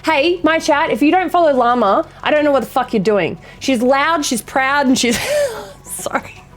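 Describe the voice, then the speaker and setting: A woman hosting a live stream, chatting casually with her viewers, excitable and swearing freely as she greets them by name. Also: high-pitched, normal speed, faint music behind. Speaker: livestream host.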